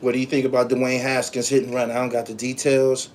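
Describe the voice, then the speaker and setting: A man's voice: mid-range voice, completely flat delivery, fast talker, a little mellow. East Coast man in his forties hosting a podcast, casual and profane, acts out his stories, faint hum behind. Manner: loose, profane storytelling with acted-out voices. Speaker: podcast host. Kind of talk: casual livestream chat reading comments.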